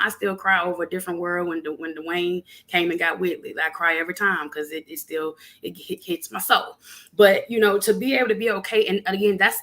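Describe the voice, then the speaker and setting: Bright-voiced woman, open and affirming. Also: on the low side. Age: adult with a young son. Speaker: podcast guest, therapist. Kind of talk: casual chat.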